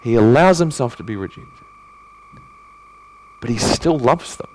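Lively, earnest male pastor preaching. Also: mid-range voice, measured pace, slight background noise. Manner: earnest preaching with rhetorical questions, swinging from emphatic to hushed. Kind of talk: sermon.

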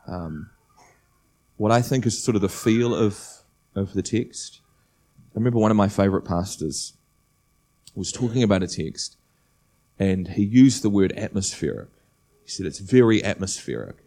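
Preacher, male, lowish voice, conversational sermon delivery with lively emphasis. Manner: conversational, building to animated emphasis. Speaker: pastor.

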